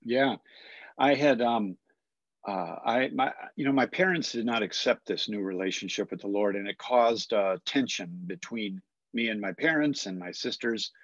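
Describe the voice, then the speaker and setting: A man's voice: on the low side, normal speed, fairly bright tone, no echo, highs cut off. An older man, a guest in an interview, telling a personal story in a hesitant way, often repeating and restarting his words. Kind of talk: storytelling in a conversation.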